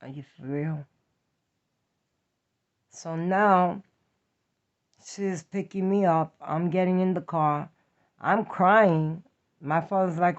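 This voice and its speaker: A woman's voice: on the low side, takes it slowly, pauses often. A woman from New York with a New York accent, telling a personal story in a blunt, profane, emphatic way. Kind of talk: confessional story time. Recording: dull lo-fi audio.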